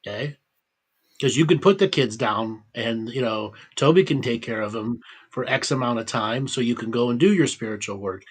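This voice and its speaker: A male host on a video call coaches a guest in an easy, steady way and keeps asking if she is following. His pitch is ordinary for a man. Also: moderate pace, slightly rough. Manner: coaching, checks in with repeated "okay?". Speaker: host and healer. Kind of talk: casual chat.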